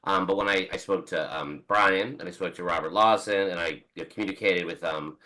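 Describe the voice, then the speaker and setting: In a low-quality recording, a book's author in his forties talks as a podcast guest with a deep, pushed, bright voice at a fairly quick clip. The interview is casual, and his speech rambles, full of restarts and quoted asides.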